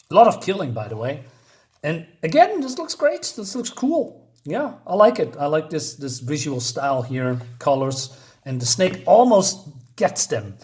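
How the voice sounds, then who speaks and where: A man with a slightly higher voice talks his way through a comic book issue in a loose, casual manner. He stumbles and restarts often and reads the characters' lines in a flat voice. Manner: loose and rambling, many fillers and restarts. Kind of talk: casual review, retelling a comic.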